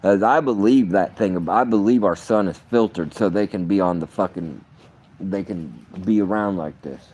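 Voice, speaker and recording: A man's voice: low voice, normal speed, a little mellow, slight background noise. A man rambling in a vlog monologue, profane, muttering at times and then bursting out. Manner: profane, rambling, swings between muttering and outbursts. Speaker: vlogger.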